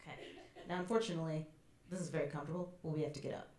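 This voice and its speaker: In a college teaching hall, a woman voice teacher coaches a student in a master class, encouraging them and demonstrating with sung sobs as she goes. Her voice is low, steady, and darkish, delivered rapid-fire. The roomy hall carries faint ambience, with a little hiss or hum.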